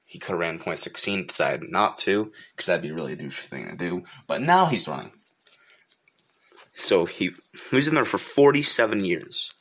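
Low-voiced guy hosting, casual, kinda rambly and correcting himself. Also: lively intonation, moderate pace, fairly bright tone, slightly rough. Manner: loose, rambling remarks with self-corrections. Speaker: host. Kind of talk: casual chat.

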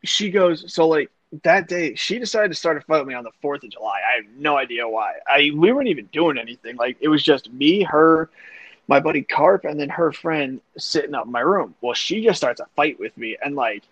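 Speaking briskly in an animated, slightly bright, highish voice, a young man hosting a podcast tells a long personal story casually. It's rambling and profane, loaded with "like" and similar fillers. There's no echo; the audio is dry, dull and lo-fi.

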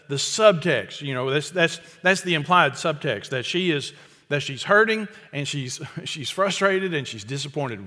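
Bright-voiced pastor preaching in a reverberant hall. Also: male voice, on the high side, expressive, normal speed. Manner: conversational, emphatic, with frequent restarts. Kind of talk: sermon.

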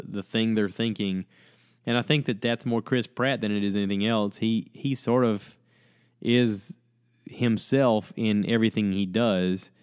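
A man's voice: on the low side, darkish tone, clear, resonant tone, no echo, clean studio sound. A man talking on his own in a rambling, chatty way and acting out quotes as he retells stories. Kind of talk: casual monologue.

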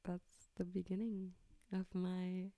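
A woman's voice: lowish voice, completely flat delivery, slow pace, warm tone, no echo. A young woman telling a personal story in casual chat, candid, swearing freely and laughing often.

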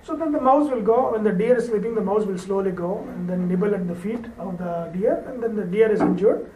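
A man's voice: sits high, brisk, dark tone, far from the mic, slight background noise. A man teaching through an old fable in a loose, conversational way with frequent fillers. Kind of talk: informal storytelling lecture. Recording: roomy echo, off-mic, faint ambience.

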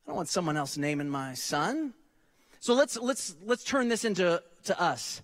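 A man's voice: high-pitched, moderate pace. A man preaching a sermon as pastor, telling the story conversationally and speaking directly to the congregation. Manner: animated storytelling with frequent restarts.

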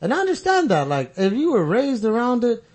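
A man's voice: very high voice, huge pitch swings, a little fast, over a noisy crowd. A man on a podcast telling a long story in casual chat, profane, acting out other people's lines. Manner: profane, tells stories with acted-out quotes. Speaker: podcast co-host. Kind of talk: casual storytelling among friends.

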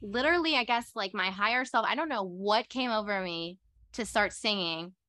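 A young woman telling a story in casual conversation, excitable and full of "like" fillers. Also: mid-range voice, moderate pace, no echo, clean studio sound. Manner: excitable, heavy use of "like" fillers.

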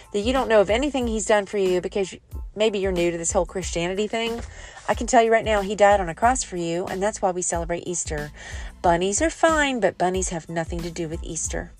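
A woman host giving a casual devotional talk, chatty and joking and going off on tangents. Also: mid-range voice. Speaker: audiobook narrator.

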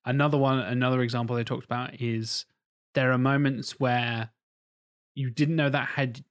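A man's voice: medium pitch, little pitch movement, moderate pace. A man chatting casually on a podcast, rambling and swearing while acting out quotes.

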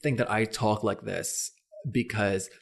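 A man's voice: lowish voice, steady tone, takes it slowly, creaky. A man from North Carolina, hosting a casual interview, chatty and curious, with many fillers. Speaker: podcast host.

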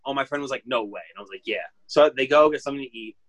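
A vintage clothing store owner in his 30s talks very fast in a medium-pitched, slightly bright voice while telling a story in a casual interview. His speech rambles, packed with "like," and he acts out what others said. The recording is dry and rough.

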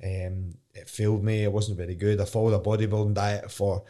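Young Scottish fighter, lowish voice, frank and meandering in a sit-down interview. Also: male voice, little pitch movement, brisk, mellow. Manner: candid, rambling, swears casually. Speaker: professional fighter. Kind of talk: casual interview chat.

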